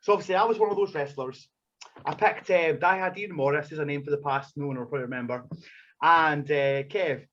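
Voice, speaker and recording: A man's voice: fairly high pitch, brisk, lo-fi sound. A man, a wrestler, tells a profane anecdote on a podcast, swearing freely and acting out the scenes. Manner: swears a lot, acts out scenes, animated storyteller. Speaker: wrestler telling a story as a podcast guest.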